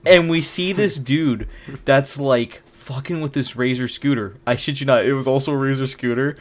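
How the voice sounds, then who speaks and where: A man on a podcast telling a story in a lively, profane, laughing way. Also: medium pitch, normal speed. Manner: animated, profane, laughs often. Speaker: podcast co-host. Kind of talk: casual storytelling.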